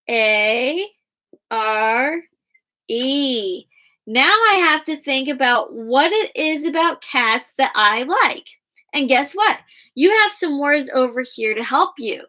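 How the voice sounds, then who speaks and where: A woman teaching young children a guided reading and writing lesson in a slow, sing-song teacher voice, spelling words out letter by letter. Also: sits high, pushed and bright. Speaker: kindergarten teacher.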